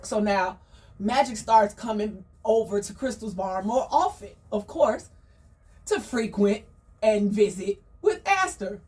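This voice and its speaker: A woman telling a story in a chatty, slangy, gossipy way, full of animated asides. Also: mid-range voice, measured pace, recorded from a distance.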